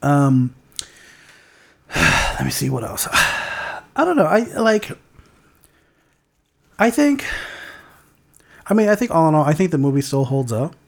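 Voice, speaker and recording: A man co-hosts a laid-back movie-review podcast, rambling, hunting for words and swearing now and then. His fairly high voice is sing-song, slow and creaky, with many pauses.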